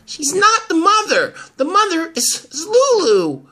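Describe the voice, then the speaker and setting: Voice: extremely high pitch, huge pitch swings, measured pace, sharp tone, full character voice. A performer voicing an indignant woman who keeps accusing her rival, in amateur soap-opera acting. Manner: accusing, exasperated. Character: indignant young woman, protective.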